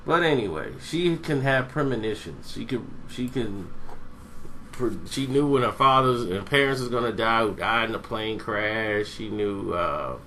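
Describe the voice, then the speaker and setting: Slow, low-voiced man reviewing a movie. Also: lively intonation, sharp tone, a little hiss or hum. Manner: loose, meandering, trails off and searches for names. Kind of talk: casual rambling review.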